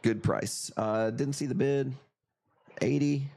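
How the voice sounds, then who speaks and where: A man's voice: medium pitch, fairly even intonation, unhurried, gravelly, warm tone. Joking, foul-mouthed male stream host. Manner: profane, joking, rambling banter with viewers. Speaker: livestream coral auction host. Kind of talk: casual live sales chat.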